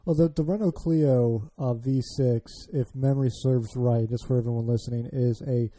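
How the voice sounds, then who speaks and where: Mellow, dark-toned American podcast host. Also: male voice, medium pitch, steady tone, moderate pace. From United States. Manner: stammering, restarts words. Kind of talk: casual podcast chat.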